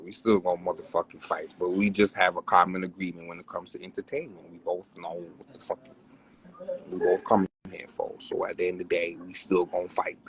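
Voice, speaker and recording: A young man, ranting profanely on a phone livestream, his voice jumping wildly between low and high. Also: a little hiss or hum, poor audio. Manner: profane, animated, wild pitch swings. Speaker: livestream host. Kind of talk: casual livestream rant.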